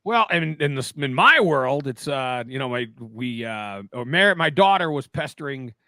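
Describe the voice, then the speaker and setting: A man's voice: medium pitch, lively intonation, moderate pace, sharp tone, dry recording. A middle-aged man from New Jersey in a casual radio chat, telling rambling stories and often interrupting himself. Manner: rambling storyteller, self-interrupting.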